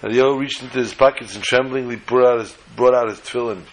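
A man's voice: mid-range voice, fairly even intonation, fast talker, slight background noise, low-quality recording. A man telling a story in a sermon, acting out the dialogue with animation.

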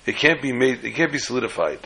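A man's voice: mid-range voice, expressive, quick pace, gravelly, bright, forceful tone, low-quality recording. Man teaching a Torah class. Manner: explanatory, restarts and rephrases words mid-sentence; tells jokes as illustrations.

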